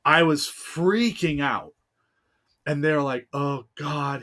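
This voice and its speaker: A man's voice: fairly high pitch, takes it slowly, a bit bright. A podcast guest in his thirties with a man's voice, from the United States, telling a personal story in casual interview chat, heartfelt and full of fillers. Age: 30s.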